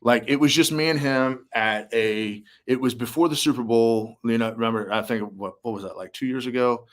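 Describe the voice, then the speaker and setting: In a mid-range voice at normal speed, a young man who is both a musician and an army veteran recounts stories during a casual interview. He's animated, voicing the quotes himself and using lots of fillers.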